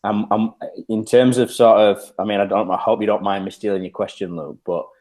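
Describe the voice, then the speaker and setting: A man's voice: on the low side, steady tone, fairly quick, darkish tone. A man co-hosting a podcast who asks questions in a hesitant, hedging way. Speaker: podcast co-host. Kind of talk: casual podcast chat.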